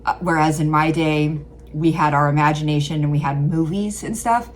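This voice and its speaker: A woman's voice: low voice, normal speed. An American woman who hosts a reaction channel, chatting casually and rambling with lots of fillers. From Illinois, USA. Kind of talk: casual chat.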